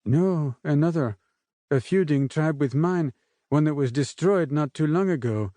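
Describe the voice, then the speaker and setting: In this storybook reading, a soft-spoken young Frenchwoman talks in a gentle, lifted voice, as a male narrator puts her on. Her French accent is light and quiet. The voice is dry and close, with no room around it. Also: fairly high pitch, a little slow, no room sound, pitched above the performer's own voice, lightly acted. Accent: French, put on. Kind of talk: audiobook character voice.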